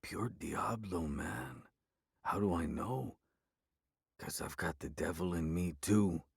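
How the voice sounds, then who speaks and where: A man's voice: on the low side, unhurried, darkish tone, no room sound, studio quality, lightly acted. A man voicing a gaunt, furious male werewolf alpha with a growly, snarling delivery in an audiobook. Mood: menacing. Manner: snarling, hostile, defiant. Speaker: character voice in an audiobook.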